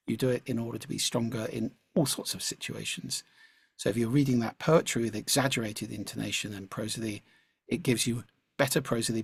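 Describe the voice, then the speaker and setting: A man, a speaking coach, answering audience questions in a measured, reflective way and clearing his throat now and then, over a video call mic. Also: medium pitch, dry recording.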